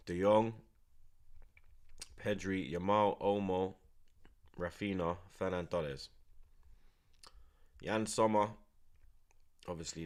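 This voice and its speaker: A young man giving live watchalong commentary and reading out chat, in laid-back street slang that repeats each phrase. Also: low voice. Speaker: streamer hosting a watchalong.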